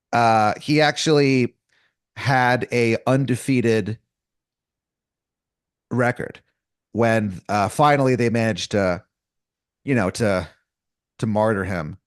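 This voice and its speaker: As game master of an improvised comedy story, a man rambles casually, with lots of fillers, restarts and crude slang. His medium-pitched voice is animated but slow, with long pauses, in a dry, clean studio recording.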